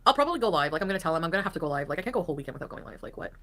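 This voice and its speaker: A woman chats casually on a livestream from her home, wandering from thought to thought with many fillers. Her pitch swings widely, and she keeps breaking off mid-sentence to coo at her pets. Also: very animated, rapid-fire, fairly bright tone. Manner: rambling, full of fillers, breaks off to talk to pets.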